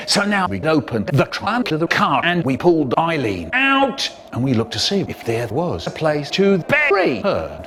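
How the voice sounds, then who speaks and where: An older man narrating a comic story theatrically, swinging between hushed asides and sudden bursts. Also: fairly high pitch, wildly swooping pitch, normal speed.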